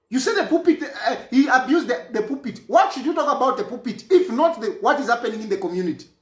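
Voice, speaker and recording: A man from Zambia speaks out in an emphatic political statement, hammering points home by repeating them. His pitch rises and falls in a lively way as he talks. The sound carries the echo of a roomy space. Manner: emphatic, repeats phrases for force.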